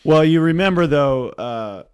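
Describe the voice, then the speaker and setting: A man co-hosting a podcast in casual chat, animated and quick to laugh, slipping into voices while telling stories. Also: a little high, clean tone, dry recording, clean studio sound. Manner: animated, laughs often, imitates voices mid-story. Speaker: podcast co-host.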